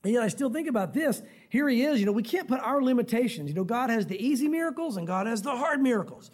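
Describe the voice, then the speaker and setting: A man preaching a conversational sermon, acting out prayers and voices with sudden shouts. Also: very high voice, lively intonation, quick pace. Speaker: pastor.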